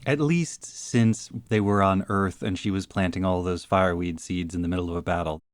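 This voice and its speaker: Podcast co-host, man, measured delivery with dry humor, lower register. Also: dry recording. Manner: dry joking, measured and reflective. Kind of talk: casual analytical chat.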